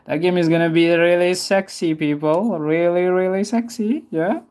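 A man's voice: high voice, normal speed, noisy background. A man hosting a live gaming stream, hyped and repeating calls for players to hurry up.

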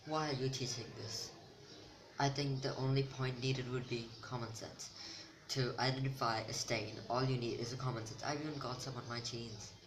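A man's voice: mid-range voice, steady tone, moderate pace. A teenage boy vlogging to camera in a rambling, self-mocking chat that keeps losing its thread. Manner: rambling, self-mocking, loses his train of thought. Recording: noisy home recording.

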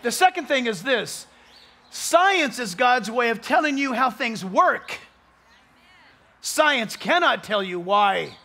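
A male pastor preaching an outdoor sunrise sermon into a stage microphone, animated, joking with the crowd and acting out the voices he quotes. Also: very high voice, slow pace. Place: outdoors at dawn, cold.

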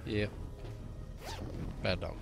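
A man's voice: lowish voice, extremely slow, creaky, over loud music. A man chatting casually while playing a co-op game, dry and questioning as he directs his partner. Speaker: co-op gamer. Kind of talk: casual gameplay chat. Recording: loud game gunfire behind.

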